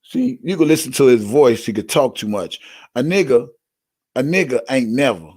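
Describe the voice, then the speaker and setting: A brash man, hosting an online show and talking profanely and loudly to his viewers. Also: mid-range voice, very animated, normal speed, slightly rough. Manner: brash, loud, profane, repeatedly urging likes.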